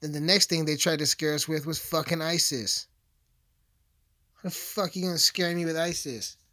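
A man's voice: a little high, normal speed, bright, forceful tone. A man delivering a rambling, profane comedic rant as a vlogger, full of asides and swearing.

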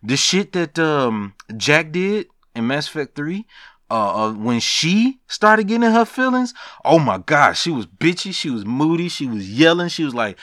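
Man, podcast host, casual solo rant, profane, animated, bright tone, dry sound. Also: a little high, normal speed, no echo. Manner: blunt, profane, animated storytelling with laughs.

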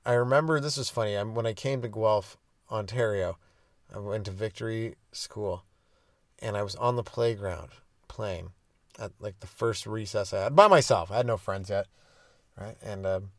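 A man's voice: mid-range voice, a little mellow, no echo, studio quality. A young man who is a stand-up comedian telling rambling, profane childhood stories on his own podcast. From Canada. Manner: loose and profane, hopping between goofy bits and stories. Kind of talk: rambling solo podcast storytelling.

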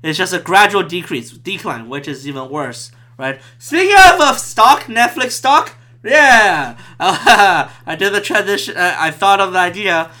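A man's voice: high-pitched, lively intonation, a little slow, few pauses, pushed and bright. A man talking about a video game in a casual, profane rant, full of restarts and repeated words. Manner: profane, ranting, frequent restarts. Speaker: gaming commentator.

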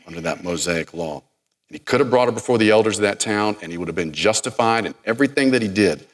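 A middle-aged man with a very low voice delivers a sermon. His delivery is dramatic. He slips into the voices of the people in the story, and his volume swings between hushed and loud. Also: lively intonation, fast. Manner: dramatic, acts out quoted speech, varies loudness widely. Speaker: preacher.

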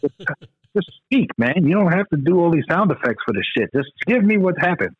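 A man co-hosting a casual chat, joking along in an animated, profane way. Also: a little high, fairly quick, breathy edge, no echo, phone-quality sound. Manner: animated, profane, agreeing banter. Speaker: podcast co-host.

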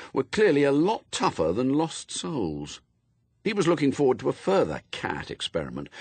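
Male audiobook narrator, wry delivery, low and husky. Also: no room sound. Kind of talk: scripted narration.

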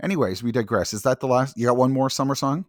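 A man's voice: medium pitch, fast, music in the background. A man co-hosting a podcast in casual chat, easygoing and hesitant, with fillers. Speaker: podcast co-host.

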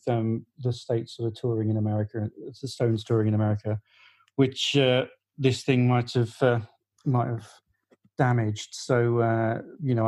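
A middle-aged music journalist tells a long anecdote in casual podcast conversation, packed with fillers and restarts. His voice is medium-pitched and warm, though the recording quality is low.

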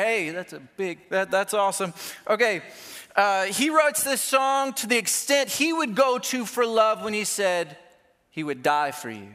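Pastor preaching, man, unhurried delivery, reverberant church hall, chatty and self-mocking. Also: very high voice, bright, forceful tone. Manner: conversational, self-deprecating, with playful quoted asides. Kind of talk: sermon.

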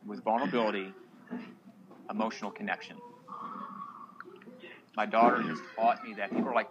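Earnest single dad opening up. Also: male voice, on the low side, steady tone, normal speed, pauses often, highs cut off, heavy background noise. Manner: earnest, emotional, preachy. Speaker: podcast guest, single father. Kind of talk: casual podcast talk.

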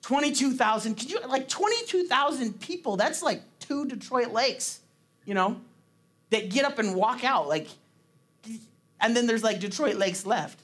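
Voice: mid-range voice, expressive, unhurried, fairly bright tone. A preacher giving a casual, conversational sermon, talking chattily with many fillers and restarts. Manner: chatty, laughs often, acts out quotes.

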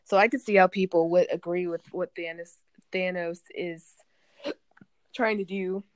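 A woman's voice: on the low side, fairly even intonation, measured pace, no room sound. A woman in casual conversation, rambling and chatty and laughing often. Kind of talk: casual chat.

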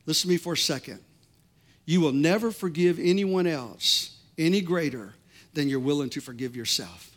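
Bright, high-voiced male preacher. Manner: preaching with rising fervor, repetitive declarations. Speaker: pastor. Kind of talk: sermon.

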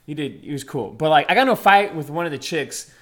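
A young man spins an animated, slang-heavy story in casual chat. His voice sits high and swoops all over, bright and fast. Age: 20s.

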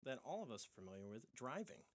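Man with lively, game-show-like delivery. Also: mid-range voice, quick pace. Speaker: podcast producer. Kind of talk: casual podcast chat.

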